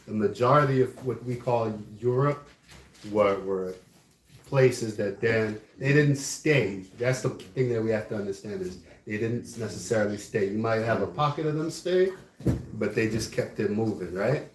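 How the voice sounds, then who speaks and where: A man with a lowish voice teaches a religious study class at a normal speed, often checking in with listeners by asking "right?" The room is echoey.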